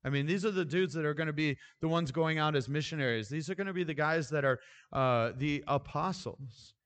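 A man's voice: fairly high pitch, brisk, a bit bright. A man preaching a sermon in a conversational, informal manner, with casual asides and frequent restarts. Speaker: pastor.

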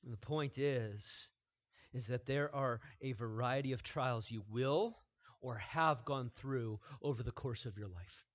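A man preaching a sermon, moving from quiet, measured lines to loud, emphatic repetition. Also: mid-range voice. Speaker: pastor.

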